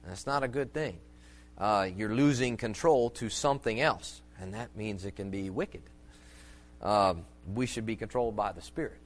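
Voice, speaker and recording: A man's voice: on the low side, moderate pace. A man giving an informal sermon-style talk on church music, rambling and folksy with many fillers and restarts, leaning on homely illustrations. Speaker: preacher teaching on church music.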